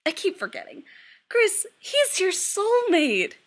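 A woman's voice: extremely high pitch, very animated, takes it slowly, voice pushed up, exaggerated voice. A woman voicing a bubbly, doting middle-aged witch mother who chatters sweetly. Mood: chattering.

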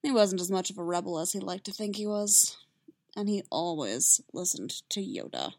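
A tired, bitter male Jedi captain who talks quietly, read by a woman. His lines are subdued and soft. The reading is dry and close. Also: lowish voice, expressive, moderate pace, dry recording. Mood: weary.

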